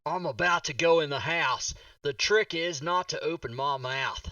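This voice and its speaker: A man's voice: on the high side, normal speed, pushed and bright, dry recording, distant mic. A man in his fifties putting on an exaggerated Australian accent to play a crude, boastful bloke. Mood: joking. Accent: put-on Australian. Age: 50s.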